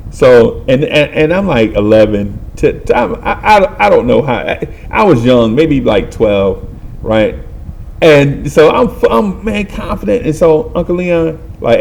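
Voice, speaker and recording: Animated man telling a street story. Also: mid-range voice, unhurried, vocal fry. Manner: animated, voices other people and makes sound effects. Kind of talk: casual storytelling.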